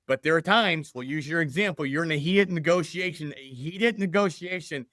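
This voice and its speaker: A man's voice: mid-range voice, fairly bright tone, no room sound, clean studio sound. A man hosting a casual interview, earnest and agreeable, rephrasing his guest's points. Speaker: podcast host.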